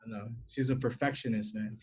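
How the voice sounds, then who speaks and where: A man's voice: lowish voice, steady tone, a little fast, darkish tone, breathy edge. A man from the Philippines, a guest teacher talking earnestly and easily in a casual podcast chat, with many fillers.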